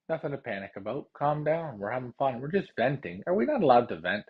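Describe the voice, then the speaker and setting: A man hosting a pigeon racing show, ranting heatedly with lots of profanity and repetition, then calmly explaining how he handles his birds. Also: mid-range voice, fast talker, few pauses, breathy edge, highs cut off. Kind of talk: casual livestream talk.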